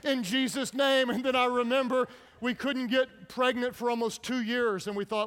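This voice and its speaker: A middle-aged man, a pastor, preaching a sermon and telling personal stories with humor and hushed intensity. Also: sits high, fairly even intonation, fairly quick, smooth, big-room sound.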